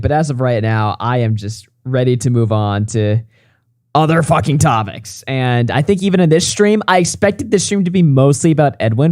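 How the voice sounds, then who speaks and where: A man's voice: mid-range voice, darkish tone, no room sound. A male livestream host, tired and close to a morning voice, signing off in rambling, profane casual chat.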